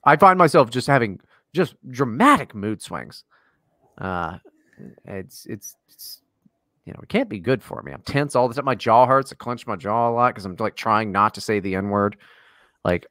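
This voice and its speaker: A man co-hosts a podcast in loose, casual chat, ranting and cursing as he goes. His voice sits at an ordinary pitch but swings up and down a great deal. The recording is dry, with no room sound. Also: normal speed, no room sound. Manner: profane, ranting, animated. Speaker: podcast co-host.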